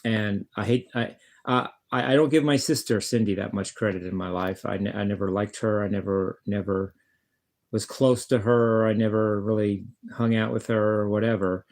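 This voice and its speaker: A man's voice: fairly low pitch, fairly even intonation, moderate pace, darkish tone. A man talking casually to the camera in a blunt, rambling monologue, often swearing and stumbling over his words as he restarts sentences. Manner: blunt, swears, many restarts and stammered repeats. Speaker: vlogger, guitarist.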